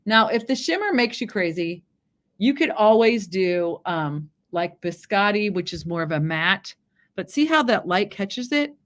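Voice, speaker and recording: A woman's voice: medium pitch, animated, a little slow, a bit bright. Woman doing a live makeup demo, chatty and coaxing, keeps asking viewers if they see it. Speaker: makeup presenter on a live stream.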